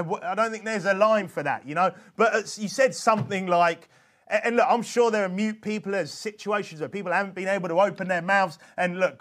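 A man's voice: high-pitched, fairly bright tone. A man giving an informal religious teaching talk, earnest and emphatic, often checking in with "okay?" and restarting his phrases. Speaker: evangelism instructor.

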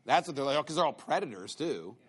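A male preacher giving a sermon, mocking and sarcastic, swinging between loud outbursts and low asides. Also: big pitch swings, brisk, breathy edge.

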